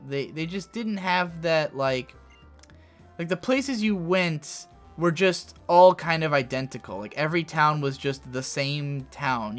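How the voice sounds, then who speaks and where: Young male let's play host, chatty and profane, bright edgy voice over quiet game music. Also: medium pitch. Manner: rambling, swears freely, excitable outbursts. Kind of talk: casual gameplay commentary.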